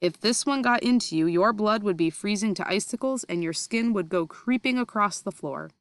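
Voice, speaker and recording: Woman doing a big gentle jumbled-talking giant. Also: mid-range voice, normal speed, no room sound, close to an everyday voice. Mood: explaining. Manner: jumbled words, ungrammatical folksy speech. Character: big gentle male giant, excitable, mangles grammar.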